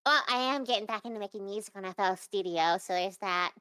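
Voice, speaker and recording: A woman's voice: mid-range voice, fast talker, bright, forceful tone, smooth, no echo. A young adult woman, a VTuber guest in a casual interview, rambling with lots of fillers and restarts.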